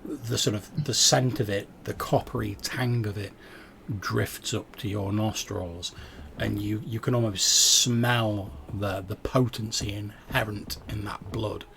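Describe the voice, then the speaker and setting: Gravelly guy running the game, low voice, slow descriptive narration. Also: steady tone, a bit bright, a little hiss or hum. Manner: descriptive, unhurried scene-setting. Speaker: game master.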